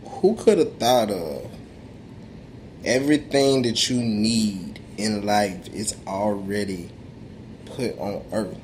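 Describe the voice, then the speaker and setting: A man's voice: fairly low pitch, slow, a little mellow, slight background noise. A young man talking in casual slang, preaching in an emphatic way about faith and perseverance, with frequent restarts. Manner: emphatic, slangy street talk with repeated restarts; preachy, testifying tone. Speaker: vlogger. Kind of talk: motivational faith talk to camera.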